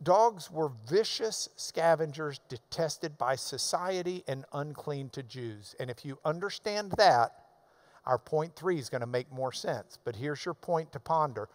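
Animated high-voiced male preacher, slow delivery. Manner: emphatic, repeats words in loud bursts; folksy asides to the congregation. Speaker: preacher teaching a Bible passage. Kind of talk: expository sermon.

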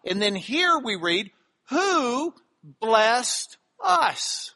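A preacher giving an expository sermon who reads scripture aloud, leans hard on key words and sounds out Greek terms slowly. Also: mid-range voice, big pitch swings, pushed and bright. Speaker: preacher teaching a Bible class.

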